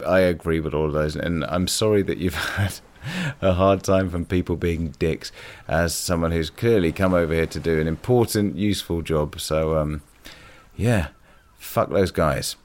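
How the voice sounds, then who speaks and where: A man with a very low, deep voice hosts a podcast and reads listener submissions aloud. He rambles and swears freely, a bit tipsy from wine, and stays loose and self-deprecating. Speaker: podcast host. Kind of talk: casual podcast chat reading listener submissions.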